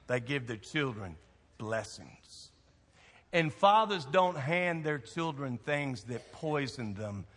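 A man's voice: medium pitch, sharp tone, in a large hall. A man, a pastor preaching a sermon with folksy, emphatic storytelling.

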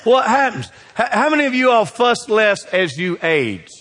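A middle-aged man, preaching a sermon that swings between loud exhortation and hushed asides. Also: sits high, big pitch swings, normal speed, big-room sound. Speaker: pastor.

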